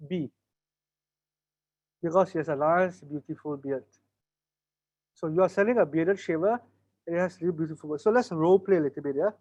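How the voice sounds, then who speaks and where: A man with a Malaysian English accent runs an online business workshop, teasing his students and playing out little sales scenes. His voice sits high for a man. The audio is somewhat dull and lo-fi, like a video call. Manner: lively, teasing, acts out sales dialogues. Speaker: business trainer. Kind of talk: online workshop lecture with role-play.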